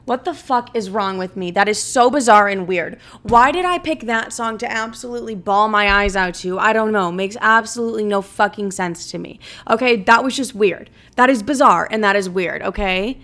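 A woman's voice: mid-range voice, normal speed, hardly any pauses, pushed and bright. A young woman in her twenties hosting a casual solo podcast from an empty apartment, talking candidly, rambling and swearing freely. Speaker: podcast host.

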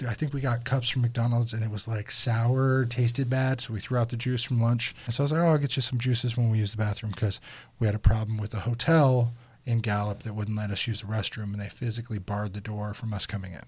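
Young man, podcast host, casual storytelling, profane, exasperated, animated. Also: medium pitch, fairly quick, breathy edge.

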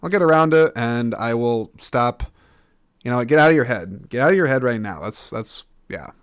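A man with a mid-range, expressive voice hosts a solo podcast, speaking at a moderate pace with a clear, resonant tone. He rambles and thinks aloud, frequently stopping and starting over. The studio recording is clean, with no room sound.

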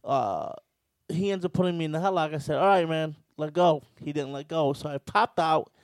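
A man tells a rowdy story to his podcast friends, profane and animated. His voice sits a little high. The sound is close and dry, with no room around it. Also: moderate pace, no echo. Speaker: podcast co-host telling a story. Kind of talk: casual storytelling chat.

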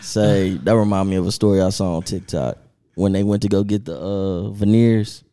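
A man co-hosting a podcast, telling stories in casual chat, laughing often and jumping into high voices for quotes. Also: normal speed, clean tone. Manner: animated, laughing storyteller who jumps into high voices for quotes. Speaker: podcast co-host.

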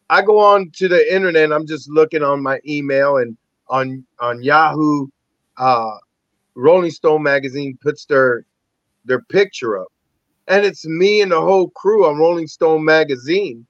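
A man, an actor and army veteran, telling animated, profanity-laced stories as a podcast guest. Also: a little high, measured pace, no echo. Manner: animated, rambling, heavy swearing. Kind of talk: casual storytelling interview. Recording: dull lo-fi dry recording.

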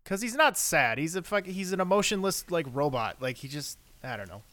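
A man's voice: fairly high pitch, sing-song, a little fast, a bit bright. A man co-hosting a casual podcast, rambling through his opinions on TV episodes with many fillers. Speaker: podcast co-host. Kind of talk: casual TV recap chat.

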